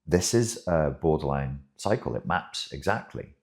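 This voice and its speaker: A man's voice: rumbling low, animated, measured pace, a little mellow. A man hosting a commentary monologue, emphatic and wry, who often repeats himself as he talks. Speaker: host, relationship commentator.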